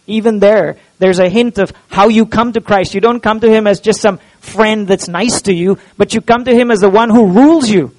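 A man's voice: high voice, normal speed, few pauses, a little mellow, low-quality recording. A male pastor preaching a sermon in a church, earnest and full of rhetorical questions to the congregation.

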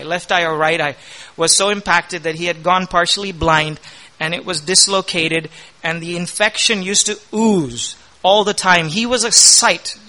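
A man preaching a sermon as pastor, energetic, with rising emphasis and quoted scripture. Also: high-pitched.

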